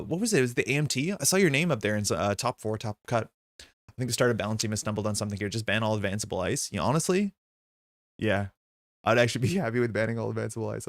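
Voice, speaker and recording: A man hosts a live stream and talks quickly in a relaxed, chatty way. He greets viewers in chat as he goes. His voice is close and dry, with no room sound around it. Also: mid-range voice, no echo. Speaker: streamer host.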